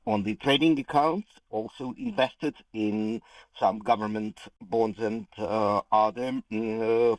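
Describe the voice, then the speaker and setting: Guy explaining money stuff slowly, lots of uhs, dry sound. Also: medium pitch, dry recording, low-quality recording. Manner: hesitant, many "uh" fillers, careful explaining. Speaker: economist guest. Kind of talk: explanatory interview answer.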